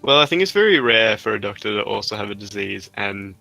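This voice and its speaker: A man's voice: on the low side, big pitch swings, fast talker, vocal fry, bright, forceful tone, no echo, faint music behind. A young Australian man co-hosting a podcast, chatting in a laid-back, joking way and swearing casually. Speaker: podcast co-host. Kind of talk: casual chat.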